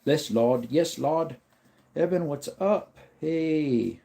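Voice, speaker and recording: A man's voice: a little high, slow pace, creaky, warm tone. Man chatting on a casual livestream. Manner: rambling, talks to chat and to his dog. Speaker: livestream host. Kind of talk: casual livestream chat with viewers.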